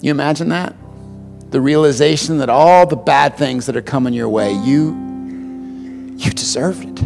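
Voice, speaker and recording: A male pastor preaching a sermon, swinging between loud passionate emphasis and hushed quiet stretches, often repeating words as he starts a phrase. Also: mid-range voice, moderate pace, vocal fry, in a large hall, over music.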